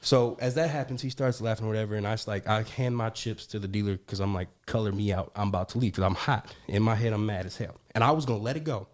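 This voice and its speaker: A man's voice: lowish voice, fast talker, hardly any pauses. A young man co-hosting a podcast, telling a story in casual, slangy, profane chat and acting out the quoted dialogue. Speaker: podcast co-host.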